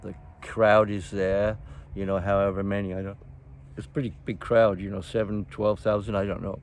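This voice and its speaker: A man's voice: fairly low pitch, level tone, normal speed, slight background noise. An older man hosting a show, telling rambling stories from his past in a casual way, with frequent chuckles and restarts. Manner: rambling, chuckles often, many fillers and restarts. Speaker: host. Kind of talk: casual reminiscing storytelling.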